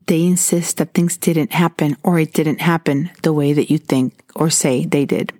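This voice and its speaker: A woman's voice: low-pitched, fairly even intonation, normal speed, a little mellow, dry recording, clean studio sound. A woman talking earnestly and candidly, sharing her own experiences as advice. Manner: earnest and candid, recounting personal stories. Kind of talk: personal advice talk.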